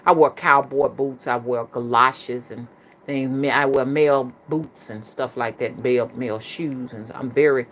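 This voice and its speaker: A middle-aged woman with a Southern US accent talks to her viewers in a low, earthy voice. She tells her stories in a colloquial, chatty way and keeps calling the audience "y'all." A faint hum of background noise sits under her speech. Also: steady tone, measured pace. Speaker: spiritual reader and rootworker. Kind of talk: casual storytelling to viewers.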